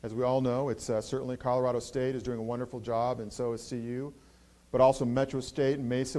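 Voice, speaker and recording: A man's voice: mid-range voice, warm tone. A man speaking as a university president, answering audience questions earnestly with frequent hesitations. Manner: earnest, halting with many fillers. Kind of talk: Q&A answers at a campus address. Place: university event hall.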